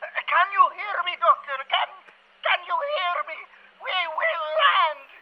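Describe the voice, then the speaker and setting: An actor playing a sick, pleading Soviet submarine ensign. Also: male voice, very high-pitched, big pitch swings, measured pace, highs cut off, heavily acted.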